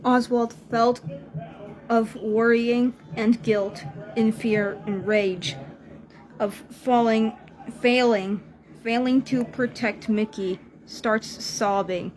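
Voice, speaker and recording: Slow, halting woman narrator. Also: on the high side, steady tone, a little mellow. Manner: halting, self-correcting reading. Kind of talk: amateur fan story narration.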